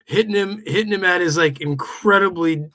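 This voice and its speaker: A man co-hosting a podcast, teasing the guest with quick jokes. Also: high-pitched, fairly bright tone. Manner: teasing interjections. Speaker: podcast co-host. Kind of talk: casual podcast chat.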